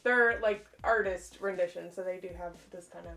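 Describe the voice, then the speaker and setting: A woman's voice: on the low side, fairly even intonation, moderate pace, creaky, a bit bright. A woman co-hosting a casual collecting video, chatty and enthusiastic, often saying "like". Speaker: co-host. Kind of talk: casual collection show-and-tell.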